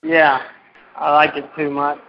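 A man's voice: a little high, completely flat delivery, measured pace, gravelly, lo-fi sound, a little hiss or hum. A man co-hosting a radio talk show and bantering casually, laid-back and joking. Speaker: co-host. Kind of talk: casual chat.

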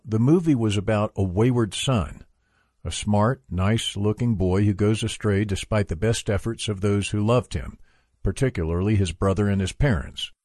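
Man reading a book out loud, low voice, steady, dry recording. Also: no echo. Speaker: reader for a book club. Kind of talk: reading a memoir aloud.

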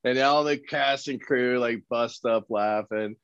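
A man from Colorado, an actor guest telling lively anecdotes in a casual interview, acting out other people's lines. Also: medium pitch, a little slow, vocal fry, clear, resonant tone, dry recording, dull audio. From Colorado, USA.

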